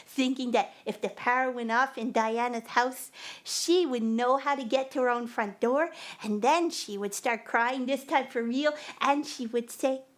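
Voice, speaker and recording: A woman telling a first-person story at a live performance, narrating expressively and acting out the dialogue. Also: a little high. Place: performance venue.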